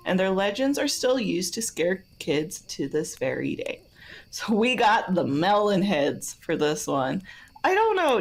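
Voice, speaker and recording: Giggly woman podcast co-host. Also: mid-range voice. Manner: giggly, laughs often between phrases. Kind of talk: casual chat.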